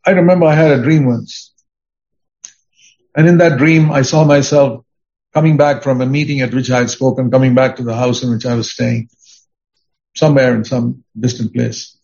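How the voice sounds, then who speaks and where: A man's voice: mid-range voice, fairly even intonation, moderate pace, creaky, long pauses, darkish tone. An older man preaching a sermon in an earnest, emphatic way, weaving in personal stories. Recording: dull lo-fi recording.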